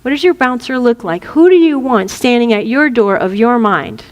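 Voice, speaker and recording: A woman's voice: fairly high pitch, lively intonation, normal speed, in a large hall. A woman minister giving a spiritual teaching talk, playful, laughing often and acting out little voices.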